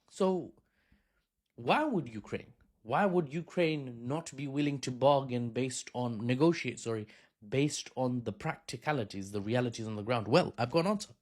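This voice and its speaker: A man's voice: medium pitch, a little mellow. Argumentative male commentator, conversational. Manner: conversational, argumentative, with frequent rhetorical asides. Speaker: political commentator. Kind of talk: opinionated commentary monologue.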